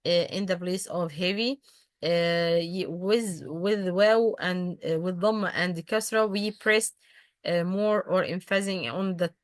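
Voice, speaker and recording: A woman whose first language is Arabic teaching a recitation lesson, patient, slowly repeating example words with frequent hesitations. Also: medium pitch, a bit bright, no echo. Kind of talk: online tajweed lesson.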